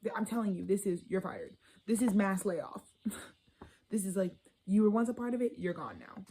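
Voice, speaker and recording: A woman's voice: mid-range voice, animated, moderate pace, mellow, a little hiss or hum, rough recording. A woman giving a casual tarot reading, blunt and profane, rambling and sometimes dropping into a whisper. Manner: drops into whispers. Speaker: tarot reader.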